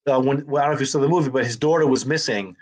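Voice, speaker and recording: A man's voice: mid-range voice, rapid-fire. A middle-aged man, a comedian and actor, telling anecdotes in a casual interview and acting out the voices of others.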